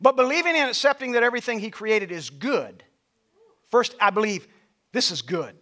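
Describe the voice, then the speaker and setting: A man pastor preaching a sermon, leading the congregation in call-and-response and at times shouting. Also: high-pitched, animated, normal speed. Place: church sanctuary.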